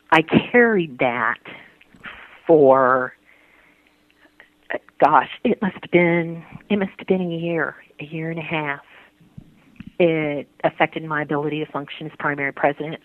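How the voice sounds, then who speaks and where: A woman recalls a painful time in her faith life, earnest and halting. She restarts her sentences often, and her voice comes through a tinny, dry phone line. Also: sits low, no room sound. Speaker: interviewee. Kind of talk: personal faith interview.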